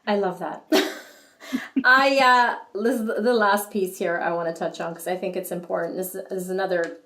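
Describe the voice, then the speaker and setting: A woman's voice: mid-range voice, fairly even intonation, unhurried. A woman hosting a podcast, interviewing a guest, openly moved and reading from his book. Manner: warmly emotional, reads aloud from a book. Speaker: podcast host.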